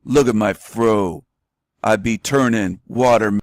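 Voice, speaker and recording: A man voicing a swaggering, bragging male parody character who talks in a slow, slangy drawl. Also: lowish voice, dry recording, studio quality. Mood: boastful.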